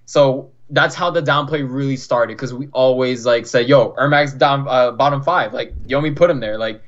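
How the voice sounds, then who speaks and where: A man's voice: mid-range voice, normal speed. A young man from Florida, a podcast guest, telling stories in a chatty way, full of "like" and acted-out quotes. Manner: chatty, fills talk with "like", acts out quoted dialogue. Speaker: podcast guest, competitive fighting game player. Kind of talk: casual storytelling. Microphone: online call. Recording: dull lo-fi call audio.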